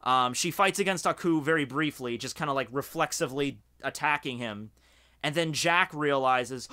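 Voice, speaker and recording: A man from Scotland giving casual, rambling video commentary, excited and swearing freely, with lots of fillers. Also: mid-range voice, normal speed. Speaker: video reviewer.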